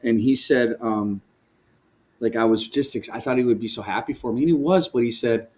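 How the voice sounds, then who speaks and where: A man speaking as a guest in a remote video call interview, telling a personal story with lively energy, frequent laughs and restarts. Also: medium pitch, fairly quick. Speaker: guest, worship leader. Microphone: video call microphone.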